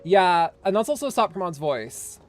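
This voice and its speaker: A young woman streaming a game, excitable and laughing, with casual swearing. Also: lowish voice, moderate pace. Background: game music.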